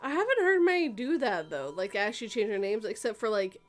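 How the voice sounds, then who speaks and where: A woman hosting a casual live-stream chat, animated and quick to laugh. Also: a little high, soft background music. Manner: animated, laughs often, acts out quotes.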